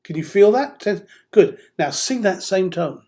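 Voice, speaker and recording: A man with a high-sitting, expressive, a little mellow voice teaches singing at a slightly slow pace. Direct and encouraging, he walks the listener through voice drills in this instructional seminar talk.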